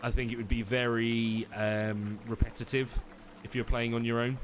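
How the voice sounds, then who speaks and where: A man's voice: medium pitch, moderate pace, soft background music. A man live-streaming a zoo-building game, chatting casually with viewers and laughing often. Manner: relaxed and chatty, hedging with fillers and laughing often.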